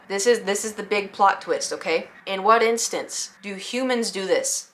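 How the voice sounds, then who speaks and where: A woman's voice: normal speed, few pauses, slight background noise. A young woman streamer casually telling a story to her viewers, acting out her friends' reactions. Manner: animated, acts out quoted friends in a higher voice.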